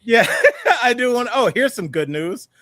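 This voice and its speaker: A man's voice: very high-pitched, animated, unhurried, fairly bright tone, no room sound. A man co-hosting a comedic news podcast, rambling and joking, often mimicking tough-talking guys. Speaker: podcast co-host. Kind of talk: casual comedic news chat.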